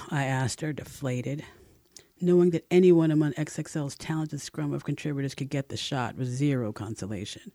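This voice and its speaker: A man narrating a first-person memoir in an expressive audiobook reading, close to the mic. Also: fairly high pitch, normal speed, dry recording.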